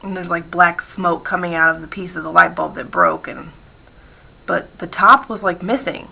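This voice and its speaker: A woman voice interpreter speaking a personal story told in sign language, with halting, repetitive phrasing and frequent fillers. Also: on the low side, vocal fry, sharp tone, breathy edge.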